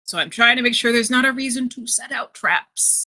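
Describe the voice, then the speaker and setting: A woman's voice: on the high side, normal speed, pushed and bright. A woman playing a tabletop game, talking earnestly in character and explaining herself at length. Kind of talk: in-character role-play chat.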